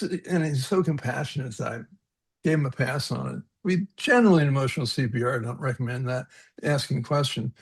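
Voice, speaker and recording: A man speaking on a video call, in a fairly high voice with gravel and fry running through it. The tone is husky rather than clean. He tells personal stories earnestly, stumbling over repeated words and chuckling as he remembers. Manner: earnest, reflective, often repeats words and restarts sentences; chuckles at his own stories. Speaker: presenter on a webinar panel. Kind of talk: personal storytelling talk.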